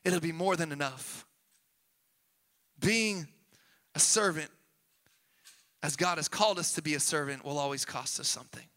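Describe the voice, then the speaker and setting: High, bright-voiced preaching man. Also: normal speed, long pauses. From Sacramento, California. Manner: energetic, builds to emphatic peaks, casual asides. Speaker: pastor. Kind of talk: sermon. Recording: long hall reverb with faint music.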